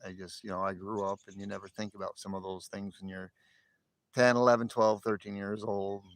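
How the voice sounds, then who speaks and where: A man's voice: on the low side, little pitch movement, fairly quick, no room sound. Man, middle-aged, from the northern US, livestream host, rambling, stammers, dry close sound. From northern United States. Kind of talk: casual livestream chat.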